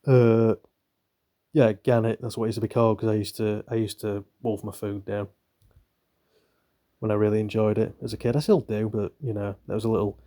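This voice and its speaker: Mellow-voiced man reading aloud. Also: on the low side, flat delivery, brisk. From northern Britain. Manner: rambling, irreverent asides with swearing. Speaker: channel host reading a book. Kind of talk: reading aloud with offhand commentary.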